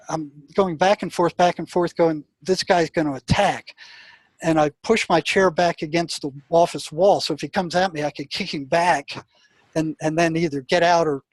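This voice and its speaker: An older man with a husky, fairly high voice tells a story as an interview guest. He acts out quotes and noises with animated energy and stumbles into repeated words as he remembers. The sound is dry and close. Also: dry recording. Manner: halting, repeats words as he recalls. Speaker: retired psychotherapist, guest.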